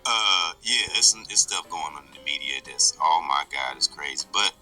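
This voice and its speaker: A man hosting his channel, groggy from just waking up, talking in a quiet, hesitant, low-key way in a casual comedy chat. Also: expressive, normal speed, faint music behind, rough recording. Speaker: channel host.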